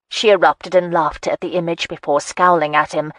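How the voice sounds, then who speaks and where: Woman narrator, low voice, steady storytelling, dry recording. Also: a little fast, hardly any pauses, no echo. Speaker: audiobook narrator. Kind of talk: scripted narration.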